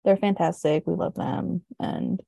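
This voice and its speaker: Mellow-voiced agreeable woman co-host. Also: on the low side, fairly even intonation, measured pace, gravelly, breathy edge. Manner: agreeable, backchanneling, laughs easily. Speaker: podcast co-host. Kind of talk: casual chat.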